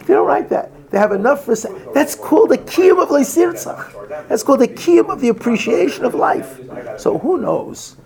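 Gravelly man giving a Torah lecture. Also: extremely high pitch, very animated, normal speed. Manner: storytelling, sprinkled with Hebrew and Yiddish terms. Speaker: rabbi giving a Torah class. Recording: crowd heard behind.

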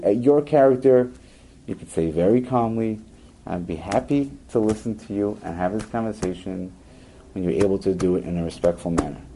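A man's voice: lowish voice, dark tone, rough recording. A man, likely middle-aged, giving an earnest instructional talk to parents, stressing points by repeating words and acting out quoted lines. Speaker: parenting educator.

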